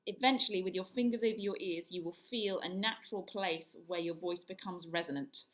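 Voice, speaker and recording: A woman voice coach leading a guided vocal warm-up, talking through each exercise step by step. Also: lowish voice, fairly even intonation, a little fast. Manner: demonstrates yawns, hisses, hums and sirens; instructive, step-by-step.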